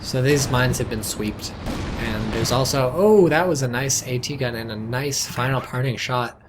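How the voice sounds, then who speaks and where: A man casually casting a strategy game match, chatty and sardonic, with sudden excited outbursts. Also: medium pitch, normal speed. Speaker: game commentator. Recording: noticeable background noise.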